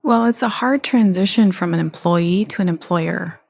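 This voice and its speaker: A woman in a casual interview, speaking directly and telling stories with lively acted-out quotes. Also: lowish voice, normal speed, creaky. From Montana. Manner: direct, animated storyteller, acts out quotes. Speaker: business co-owner guest.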